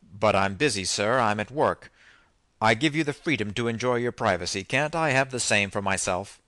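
A man's voice: on the low side, measured pace, fairly bright tone, smooth, no echo. A man voicing a proud sea captain who speaks in a stern, curt and sarcastic way in an audiobook.

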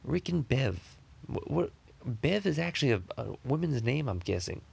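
A man's voice: medium pitch, very animated, normal speed, vocal fry, a little mellow, slightly rough. A man in his thirties hosting a podcast in casual chat, rambling with lots of restarts and free swearing. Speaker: podcast host.

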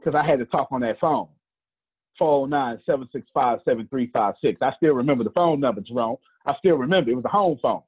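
A man tells personal stories in a casual, joking style, throwing in preacher-like asides to his listeners. His voice is husky and a little rough at mid pitch. It sounds thin and tinny, like a phone call. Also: quick pace. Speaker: motivational speaker. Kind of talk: casual storytelling talk. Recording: phone-like lo-fi line.

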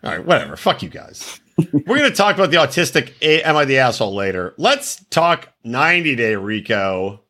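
Lively, bright-voiced mocking man. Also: medium pitch, fairly quick. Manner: animated, mocking, swears a lot. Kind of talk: crude comedic chat.

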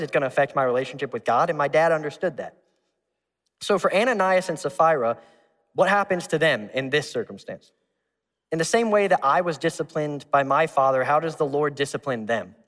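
Animated male preacher in a reverberant hall. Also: a little high. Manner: animated, acts out voices, laughs at his own story. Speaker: pastor. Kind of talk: sermon with personal storytelling. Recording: long reverb in a large hall.

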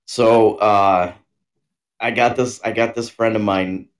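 Low-voiced, chuckling podcast co-host man. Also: fairly even intonation, slow pace. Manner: easygoing, rambling, chuckles mid-sentence. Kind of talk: casual chat.

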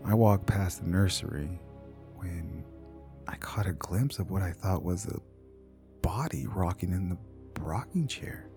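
A man narrating a scripted horror story in a hushed, half-whispered delivery. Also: low voice, measured pace, creaky, over music.

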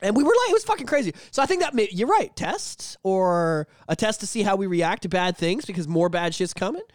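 A man's voice: sits high, big pitch swings, fairly quick, no echo, studio quality. A man co-hosting a podcast, joking, swearing freely and riffing in casual banter. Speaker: podcast co-host.

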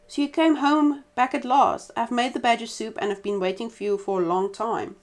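A woman voicing a wicked, shapeshifting male badger who taunts loudly in a storybook tale. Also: a little high, steady tone, normal speed, voice pushed up, natural voice. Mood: falsely sweet. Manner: loud, jeering taunts.

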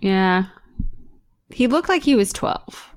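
A woman's voice: medium pitch, lively intonation, takes it slowly. A woman co-hosting a casual podcast, sarcastic and blunt, swearing freely. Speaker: podcast co-host. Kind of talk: casual movie recap chat.

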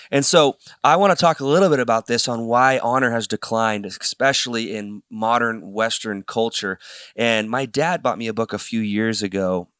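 A man's voice: fairly low pitch, a bit bright, no echo, studio quality. A man hosting a casual talk show, reading from a book and chatting between passages, laughing often. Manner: chatty, laughs often, drifts into a put-on New York accent and out again. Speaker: podcast host.

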